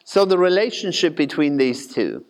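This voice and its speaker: Guy giving a folksy chatty sermon, highish voice, long echo. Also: big pitch swings, moderate pace. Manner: conversational, folksy, with asides and humor. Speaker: preacher.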